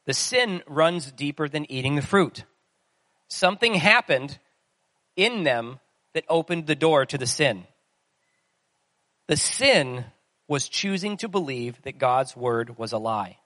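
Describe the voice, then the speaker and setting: High, bright-voiced preacher man. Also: lively intonation, slow, long pauses, no echo. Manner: conversational preaching with rhetorical questions. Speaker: pastor. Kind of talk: sermon.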